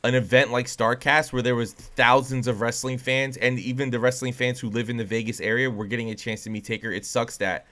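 A man's voice: mid-range voice, steady tone, a little fast, few pauses, sharp tone. Laid-back man telling stories. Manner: laid-back storytelling, many fillers. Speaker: podcast co-host. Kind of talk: casual chat.

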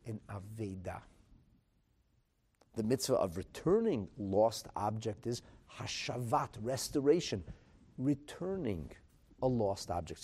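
A man teaching a Talmud class, animated and emphatic, asking rhetorical questions and mixing in Hebrew terms. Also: medium pitch. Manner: mixes in Hebrew and Aramaic terms.

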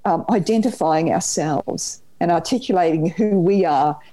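A woman with a New Zealand accent, a guest on a podcast, telling stories in an upbeat, animated way. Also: lowish voice, normal speed, rough recording. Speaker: podcast guest, business trainer. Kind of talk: casual podcast interview.

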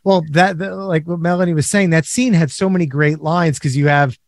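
High-voiced man, dry close mic. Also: fairly even intonation, brisk, no room sound. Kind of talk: casual movie discussion.

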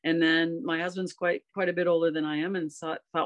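A woman's voice: lowish voice, little pitch movement, fairly quick, muffled recording. A woman in her fifties, a guest on a podcast, telling personal stories in an earnest, rambling, heartfelt way. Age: 50s. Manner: earnest, rambling, emotional storytelling. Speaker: podcast guest, golf coach. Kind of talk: casual storytelling conversation.

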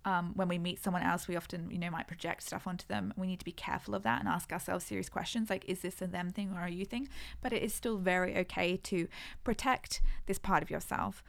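A woman co-hosting a podcast, speaking in an earnest, reflective tone. Her voice has a gravelly fry to it, and she talks in drawn-out, thoughtful phrases as casual chat. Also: fairly low pitch, steady tone. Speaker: podcast co-host.

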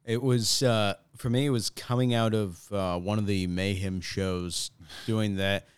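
A man with a very deep, lowish voice talks casually on a podcast, laid-back and freely profane. His tone is smooth and clean, recorded close and dry with no room sound. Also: fairly even intonation, measured pace, no room sound. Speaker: stand-up comedian guest.

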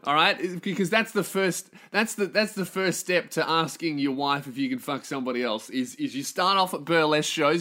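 Australian male comic, podcast host, fairly high and punchy tone, profane rambling storyteller. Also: sharp tone. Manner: profane, rambling, laughs at his own jokes. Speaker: stand-up comedian and podcast host. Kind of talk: casual comedic storytelling monologue.

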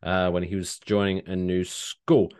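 A man from England co-hosting a comedy podcast, telling stories in a lively, jokey way and slipping into silly voices. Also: low voice, measured pace, clean tone. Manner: animated, slips into silly put-on voices. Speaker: podcast co-host. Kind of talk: comedic storytelling chat.

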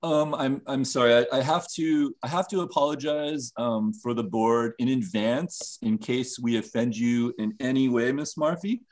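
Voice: mid-range voice, moderate pace, hardly any pauses, darkish tone, lightly acted. An actor playing a stammering, flustered partner. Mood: apologetic. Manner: stammering, over-apologetic. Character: jealous, flustered partner, later a nervous board chair.

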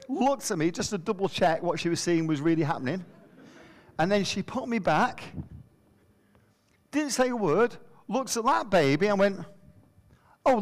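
A man in his fifties with a fairly high voice tells comic stories about himself. His talk is lively and self-mocking, with a slight slur in his speech. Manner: self-deprecating, animated storyteller with a slight slur. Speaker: schools worker and preacher. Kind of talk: humorous storytelling talk.

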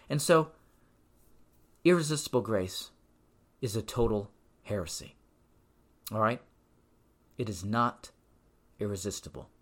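A man hosting a podcast, teaching the Bible in a preaching style. He speaks emphatically, swings from loud insistence to quiet stress, and reads scripture in a slower, measured cadence. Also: medium pitch. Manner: conversational asides and tag questions.

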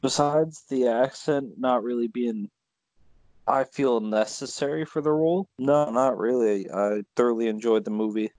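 A man's voice: mid-range voice, moderate pace, darkish tone, dry recording. Man, podcast co-host, dry close sound, wry short replies. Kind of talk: casual movie review chat.

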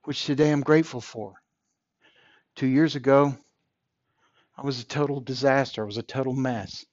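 A man's voice: mid-range voice, steady tone, normal speed, no echo, muffled recording. A man hosting a podcast, delivering an earnest motivational monologue and repeating phrases for emphasis. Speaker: podcast host.

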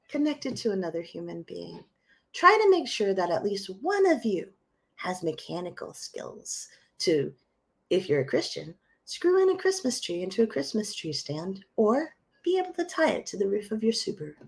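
A woman's voice: on the low side, creaky. A middle-aged woman co-hosting a live podcast, telling a story dramatically and animatedly. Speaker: podcast co-host.

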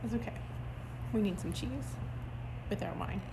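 A woman co-hosting a casual podcast. Her voice has a gravelly, fry-laden texture, and she laughs easily while tossing in dry one-liners. Faint background noise runs under the talk. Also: medium pitch, moderate pace. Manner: giggly, dry quips. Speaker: podcast co-host. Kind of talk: casual chat.

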